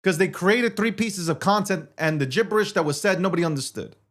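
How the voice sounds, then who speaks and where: A man's voice: sits high, fairly quick, a bit bright. A man hosting a show, ranting in heated, profane, sarcastic commentary. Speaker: show host.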